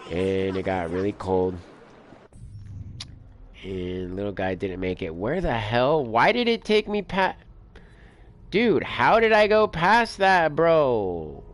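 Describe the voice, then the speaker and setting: A man's voice: on the low side, animated, takes it slowly, pauses often, slight background noise. A man streaming a game, telling rambling stories between play, filler-heavy and casual. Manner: rambling storyteller, lots of "like" and "dude". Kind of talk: casual let's play commentary.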